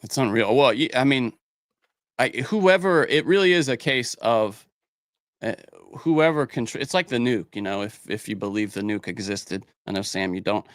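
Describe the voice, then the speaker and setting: A man's voice: mid-range voice, normal speed, no room sound. Rambling man with a dry sound. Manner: rambling, frequent restarts. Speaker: podcast co-host. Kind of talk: casual podcast chat.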